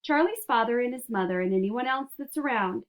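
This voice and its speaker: Woman voicing an eccentric, excitable candy-making man, insistent and grand, storybook reading. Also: fairly high pitch, fairly quick, close to an everyday voice, low-quality recording. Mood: excited. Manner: eager, insistent, grandly persuasive.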